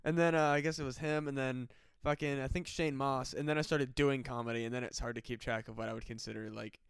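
A man hosting a comedy podcast in casual chat, laid-back and profane, often chiming in with quick agreement. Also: medium pitch, steady tone, clean tone, no echo, clean studio sound.

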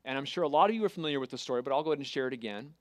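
A man preaching a sermon, retelling a scripture story with earnest, dramatic pauses and reading scripture aloud. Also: mid-range voice, animated, dry recording, studio quality.

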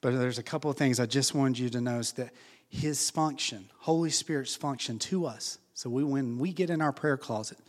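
A man's voice: mid-range voice, moderate pace, big-room sound. A man preaching a sermon in a church. He speaks in an impassioned way and builds to fervent exhortation. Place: church sanctuary.

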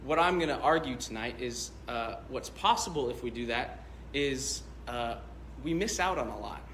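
A man's voice: medium pitch, expressive, normal speed, fairly bright tone, reverberant, slight background noise. A male pastor preaching a sermon, telling a story in a loose, conversational way with many fillers.

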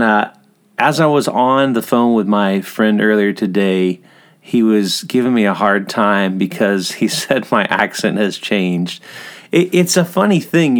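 Chatty Southern American man hosting. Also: mid-range voice. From Southern United States. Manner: chatty and rambling, with fillers and self-corrections. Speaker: podcast host. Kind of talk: casual podcast monologue.

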